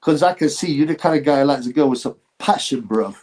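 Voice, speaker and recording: A middle-aged man from England hosting a casual livestream, reading viewer comments in a rambling, animated way with frequent restarts. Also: a little high, fast talker. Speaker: livestream host.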